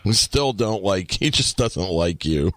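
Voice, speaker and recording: With a low voice, lively intonation and a measured pace, this man sounds fairly bright on an echo-free recording. He's a podcast co-host chatting casually, telling stories laced with profanity and acting out the people he quotes.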